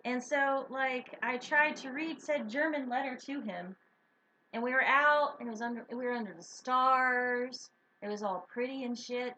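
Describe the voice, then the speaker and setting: A giggly woman co-host with a high, sharp voice tells stories in a lively, chatty way. Her voice comes through dull, lo-fi stream audio with a faint hiss. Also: moderate pace. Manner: giggly, animated storyteller. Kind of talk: casual chat on a stream.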